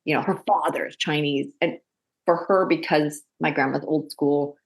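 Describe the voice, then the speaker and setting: Brief: low, gravelly woman, guest actor, lively storyteller. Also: normal speed. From Canada. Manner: chatty, animated storytelling with quoted voices. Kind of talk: casual interview.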